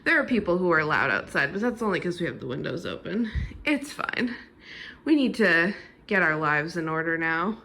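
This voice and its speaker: A woman with a raspy, smoker-like voice, excitedly showing off her new apartment on a handheld phone video. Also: on the low side, moderate pace, a little hiss or hum. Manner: excited and gushing, swears casually. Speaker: partner showing the new home. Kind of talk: casual home video tour. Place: walking through a new apartment.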